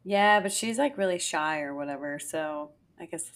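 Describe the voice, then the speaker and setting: A woman's voice: low-pitched, moderate pace. A woman in her twenties, co-hosting a podcast, telling a dating story in casual chat, swearing freely and laughing often. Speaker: podcast co-host.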